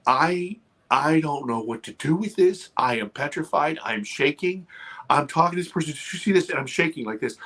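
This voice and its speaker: A man, a filmmaker guest on a live podcast, telling a story and acting out his own panic in excited, high-pitched bursts. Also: normal speed.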